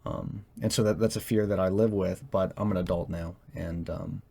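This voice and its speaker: A young man speaking in a personal confessional monologue, halting and hesitant as he searches for words, tense as he talks. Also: low-pitched, fairly even intonation, creaky, mellow, slightly rough. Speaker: vlogger.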